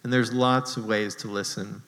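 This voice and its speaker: A man's voice: fairly low pitch, fairly even intonation, moderate pace, fairly bright tone, long reverb tail, rough recording. Casual self-deprecating male pastor preaching. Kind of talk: sermon.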